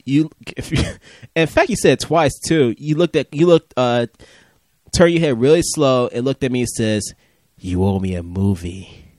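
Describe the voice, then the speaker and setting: A man's voice: a little high, moderate pace, a little mellow, no echo, studio quality. A man who is the guest and brother of the host, chatting casually, teasing and laughing often. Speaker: podcast guest, host's brother. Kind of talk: casual chat.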